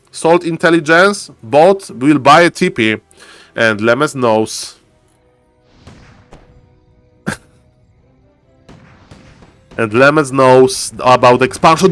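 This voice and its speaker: A man giving excitable live commentary on a strategy game as a streamer, often calling out to the audience. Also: mid-range voice, smooth, no room sound. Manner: excitable, repeats catchphrase "ladies and gentlemen". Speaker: esports caster.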